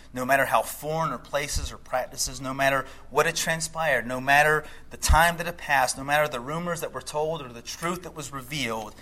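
A middle-aged male pastor delivering a sermon, telling a story, then speaking by turns softly and with emphasis. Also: mid-range voice, rough recording. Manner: storytelling, shifts between hushed and emphatic.

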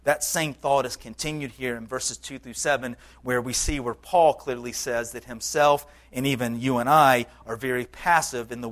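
A man preaching a sermon as pastor to his congregation, earnest and conversational, with occasional fillers. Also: mid-range voice.

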